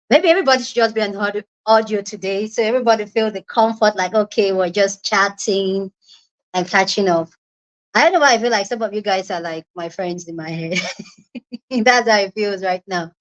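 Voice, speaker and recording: A woman's voice: mid-range voice, fairly bright tone, highs cut off. A young woman with a Nigerian accent hosting a casual livestream chat from home, bubbly and laughing often as she greets viewers. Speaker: livestream host.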